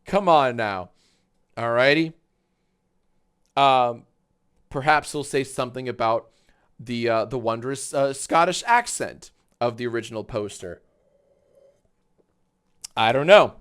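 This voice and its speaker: Rambling male streamer, mid-pitched. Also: animated, a bit bright, clear, resonant tone. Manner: rambling, halting, swears in outbursts. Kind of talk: live stream reaction.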